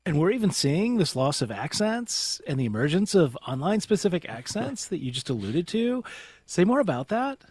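A male radio host speaks in the polished manner of a trained broadcaster. His pitch swings a lot as he talks. The studio sound is close and dry, with no room echo. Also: moderate pace, husky. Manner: lively broadcaster delivery. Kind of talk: radio interview.

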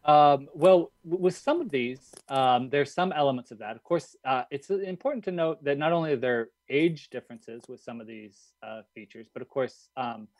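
A man, a linguist guest on a radio interview, explaining with frequent pauses and restarts. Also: medium pitch, no room sound. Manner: thoughtful, many fillers and restarts.

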